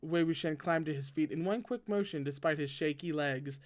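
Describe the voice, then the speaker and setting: A man's voice: a little high, normal speed, few pauses. Man reading aloud, chatty asides. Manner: conversational, breaks off to comment. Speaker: reader and commentator. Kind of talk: reading a novel aloud with commentary.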